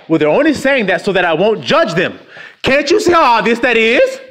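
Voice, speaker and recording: A man preaching a fiery, profane sermon in a high voice. His pitch swings widely, from low, muttered asides to emphatic shouts. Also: sing-song, brisk. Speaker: self-styled preacher. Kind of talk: fiery street-style sermon.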